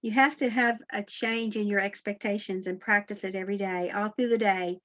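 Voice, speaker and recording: A woman's voice: medium pitch, steady tone, a little fast, fairly bright tone, lo-fi sound. A woman giving an inspirational faith talk, earnest and encouraging, often putting questions to her listeners. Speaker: Christian motivational speaker.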